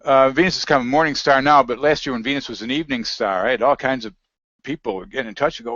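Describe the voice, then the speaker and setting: A man's voice: mid-range voice, fast, fairly bright tone, dry recording. A man talking casually as an interview guest, rambling and reading aloud from web pages. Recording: dry, dull lo-fi audio.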